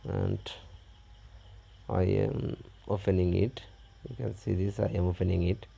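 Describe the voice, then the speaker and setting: A man narrating an unboxing step by step in a halting, plain way. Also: sits low, vocal fry, dark tone, breathy edge. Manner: halting, plain, describes each step as he does it. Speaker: unboxing vlogger.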